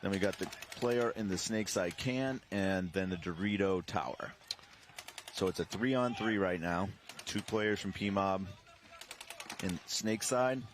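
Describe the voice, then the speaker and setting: A man calling a live paintball match outdoors, breaking down positions in a steady, analytical way. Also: low voice, measured pace, a little hiss or hum. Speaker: paintball commentator. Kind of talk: live sports commentary.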